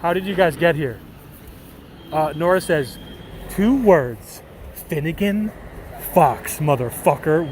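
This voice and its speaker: A man's voice: fairly high pitch, a little hiss or hum. A man chatting casually with viewers, reading their comments aloud in a rambling, self-deprecating way and swearing now and then. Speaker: streamer reading chat.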